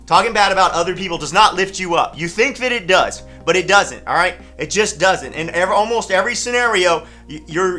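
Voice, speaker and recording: Emphatic high-voiced man giving sales advice. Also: sharp tone. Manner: emphatic, repeats words, frequent restarts. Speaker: sales vlogger. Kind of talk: off-the-cuff advice monologue.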